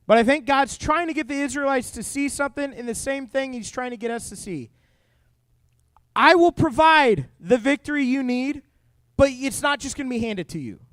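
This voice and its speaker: A young man delivers a sermon to a youth group in a high, bright register. He is animated and jokey, slipping into playful voices for the people in his stories. The sound is dry and close. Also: no room sound. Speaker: youth pastor. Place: church youth room.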